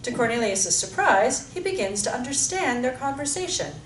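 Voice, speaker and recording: A woman reading stage directions aloud in an even, descriptive way. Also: fairly high pitch, normal speed. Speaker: narrator. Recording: echoey room, mic far off, faint hiss.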